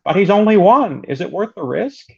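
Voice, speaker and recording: A man voicing a doubting, high-pitched visitor. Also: very animated, normal speed, creaky, breathy edge, heavily acted. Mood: doubtful. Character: skeptical male visitor doubting a slave rescuer. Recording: dull lo-fi recording.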